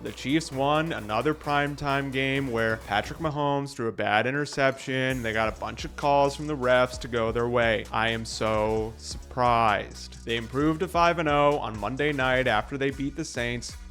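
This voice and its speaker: A man's voice: medium pitch, moderate pace, hardly any pauses, fairly bright tone, faint music behind. Sarcastic man hosting football rankings. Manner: sarcastic, joking asides. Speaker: sports video host. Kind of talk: scripted commentary vlog.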